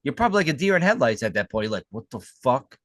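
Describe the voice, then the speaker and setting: A man's voice: mid-range voice, big pitch swings, rapid-fire, a bit bright, dry recording. A young man co-hosting a podcast, musing and speculating in casual chat, swearing freely. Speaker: podcast co-host.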